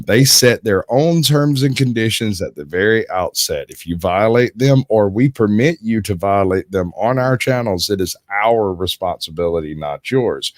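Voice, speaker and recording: A low-pitched man with a Tennessee Southern accent holds forth on a live stream panel. He lectures in a mock-formal, sarcastic tone. His voice sounds close and dry. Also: no echo.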